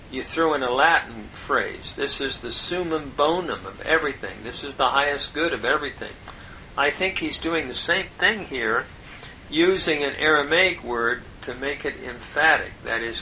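A middle-aged man walks through Hebrew grammar at a very unhurried pace, weighing each word. His voice is bright and forward, with a faint rumble underneath the recording. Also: poor audio. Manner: slow, deliberate, explanatory, with pauses and throat clearing. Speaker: Bible language teacher. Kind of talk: verse-by-verse Hebrew grammar lesson.

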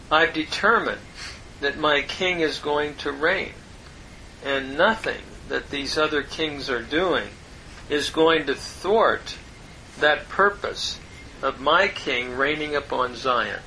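A man teaching a verse-by-verse Hebrew Bible lesson, parsing each word slowly and deliberately with many pauses. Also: fairly high pitch, pushed and bright, a little hiss or hum, rough recording.

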